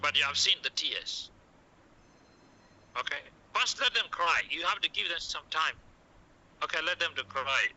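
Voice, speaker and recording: Guy teaching a class, says okay constantly, kinda high and really bright sharp voice. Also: lively intonation, normal speed, pauses often, rough recording. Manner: repeats "okay" often, coaching tone, acts out doctor lines. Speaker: medical communication teacher. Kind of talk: classroom lecture.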